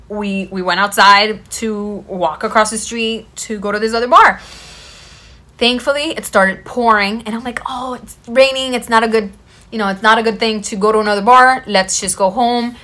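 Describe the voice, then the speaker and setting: Bright-voiced woman telling a story. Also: medium pitch. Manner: animated, quotes people in her own voice. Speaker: vlogger. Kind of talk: casual storytelling to camera.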